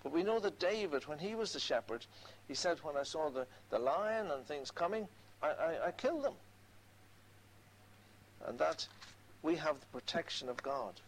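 An older man delivers a sermon in a somewhat high voice. He reads scripture slowly and adds conversational asides between the verses. A faint hiss sits under the recording. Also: expressive, low-quality recording. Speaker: preacher.

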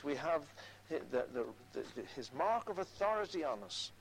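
A man's voice: on the high side, very animated, moderate pace, slight background noise, rough recording. A man preaching a sermon, earnestly quoting scripture and repeating key phrases for emphasis.

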